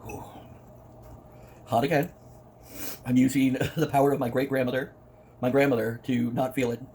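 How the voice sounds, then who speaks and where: A man's voice: medium pitch, steady tone, normal speed, a little mellow, a little hiss or hum. A man talking casually to the camera while he eats, playful, humming and breaking into little sung bits between bites. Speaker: mukbang vlogger. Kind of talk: casual eating vlog talk.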